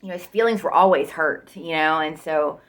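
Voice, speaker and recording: A woman's voice: low-pitched, normal speed. A woman telling her own story casually and bluntly, rambling and swearing freely.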